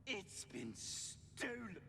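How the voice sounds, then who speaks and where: A man's voice: high-pitched, big pitch swings, very slow, vocal fry, pushed and bright, exaggerated voice. An actor playing a fussy, aristocratic male portrait in a video game, speaking theatrically with rolled R's and a voice that swoops up and down. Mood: indignant.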